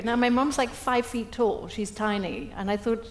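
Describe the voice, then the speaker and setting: With few pauses and a moderate pace, a middle-aged woman whose voice sits on the high side gives a funny storytelling speech at a breakfast event. She pokes fun at herself, brings quotes to life, and keeps things lively in an echoey hall.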